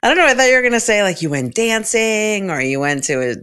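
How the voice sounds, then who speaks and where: A woman hosting a podcast, a clinical social worker, chatting casually with dry, deadpan teasing. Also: mid-range voice, quick pace, clean tone. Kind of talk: casual chat.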